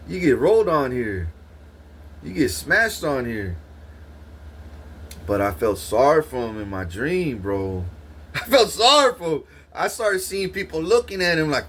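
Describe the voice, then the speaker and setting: A man's voice: medium pitch, fairly bright tone, slight background noise. A young man, talking casually and rambling through a story with profane street slang and many restarts. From Corpus Christi, Texas. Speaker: vlogger. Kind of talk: casual monologue recounting a dream.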